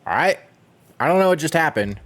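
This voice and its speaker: A man's voice: a little high, big pitch swings, a little fast, a bit bright. A man chatting casually with viewers while he streams a video game, rambling and chuckling as he goes. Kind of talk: casual gameplay chat.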